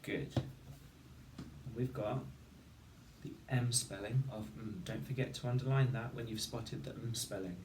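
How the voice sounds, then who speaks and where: A male teacher giving a patient phonics lesson, slowly sounding out each word and syllable. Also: fairly low pitch, a little mellow. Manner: slow, patient, sounding out words. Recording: roomy, distant mic with faint noise.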